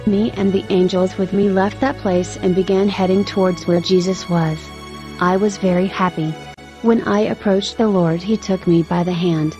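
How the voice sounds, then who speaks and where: A woman's voice: medium pitch, fairly even intonation, moderate pace, dark tone, lo-fi sound, faint music behind. A woman narrating a personal religious testimony in an earnest, emotional, scripted way.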